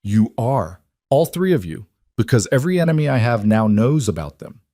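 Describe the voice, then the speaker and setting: A man's voice: mid-range voice, very animated, normal speed, warm tone, dry recording, studio quality. A man voicing a hard, protective mafia boss who speaks firmly. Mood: commanding. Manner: firm and commanding. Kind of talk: audiobook character voice.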